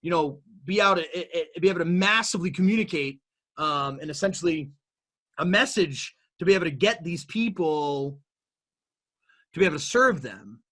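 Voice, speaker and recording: Bright, high-voiced man telling his story. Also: normal speed. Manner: animated, builds to emphatic peaks; repeats words and restarts often. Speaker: guest entrepreneur. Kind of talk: motivational interview storytelling.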